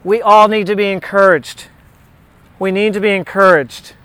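Man, middle-aged, informal sermon, high voice, joking, repeats himself. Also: steady tone, normal speed, bright, forceful tone, smooth, no room sound. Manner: conversational, repeats key words, tells jokes. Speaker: Bible study leader.

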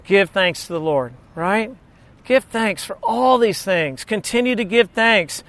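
A man's voice: high-pitched, animated, a little slow, a bit bright. A man preaching a sermon, telling stories and asking the audience questions. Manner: storytelling, asks the audience questions.

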